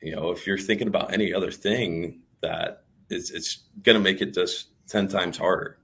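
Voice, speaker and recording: A man's voice: sits low, steady tone, normal speed, fairly bright tone, slightly rough. A man talking casually as an interview guest, rambling through stories with lots of fillers. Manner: rambling, storytelling, many fillers. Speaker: professional baseball player, guest.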